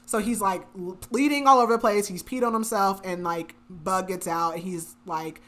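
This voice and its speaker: A woman's voice: mid-range voice, fairly even intonation, moderate pace, a bit bright. A young woman on a book podcast, casually recapping the plot with lots of fillers and frequent laughter. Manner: chatty, filler-heavy, laughs often. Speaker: podcast co-host.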